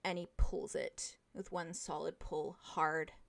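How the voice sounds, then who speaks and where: Young woman game master, hushed dramatic narration, low gravelly voice. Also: steady tone, slow pace. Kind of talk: second-person narration of a tabletop game.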